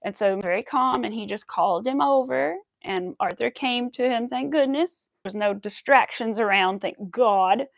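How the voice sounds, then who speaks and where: A woman's voice: a little high, animated, moderate pace, vocal fry, few pauses, dry recording, highs cut off. A woman hosting a crochet livestream, chatting casually and rambling to her viewers as she works. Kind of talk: casual chat while crocheting.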